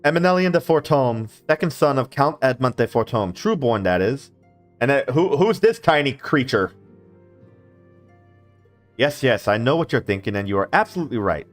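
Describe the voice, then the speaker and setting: A man's voice: mid-range voice, very animated, normal speed, soft background music, voice pushed up, lightly acted. A man voicing a pompous, spoiled young nobleman, the second son, in a hammy affected posh drawl. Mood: grandiose.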